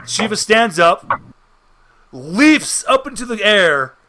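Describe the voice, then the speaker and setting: A man's voice: high-pitched, sing-song, takes it slowly, background noise. A man narrating a tabletop game as game master, in an easygoing way with frequent restarts.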